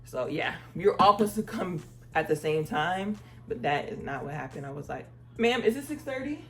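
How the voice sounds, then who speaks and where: A woman telling a casual story time vlog, acting out the people she quotes and speaking in a relaxed, chatty way. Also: sits low, normal speed, faint music behind. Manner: uses "y'all" and "girl" casually. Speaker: travel vlogger.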